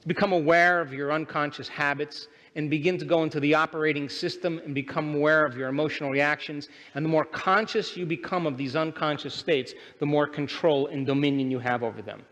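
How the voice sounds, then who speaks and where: A man's voice: a little high, brisk, few pauses, fairly bright tone. A man giving a motivational seminar lecture to a live audience, speaking emphatically and often asking the crowd questions. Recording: long hall reverb.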